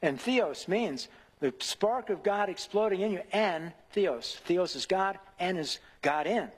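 A man's voice: sits high, expressive, measured pace, breathy edge, long reverb tail, poor audio. A man preaching an earnest devotional sermon who builds to emphatic rhetorical questions.

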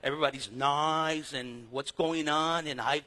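A middle-aged man from a Spanish-speaking background teaching a Bible study, talking in a lively, casual way that swings between loud and soft and calling listeners "man" and "dude.". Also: fairly high pitch, measured pace. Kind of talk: sermon.

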